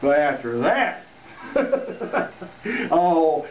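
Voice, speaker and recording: A man plays a gloating wrestling manager, taunting his rivals. His voice sits fairly high. He sounds distant in an echoey room, with faint noise behind him. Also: very animated, a little slow. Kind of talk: wrestling promo.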